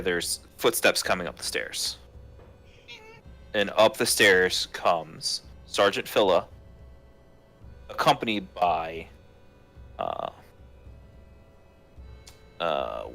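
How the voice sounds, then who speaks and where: A man's voice: sits low, fairly bright tone. A man narrating a tabletop role-playing game as game master, rambling and hesitant with many fillers.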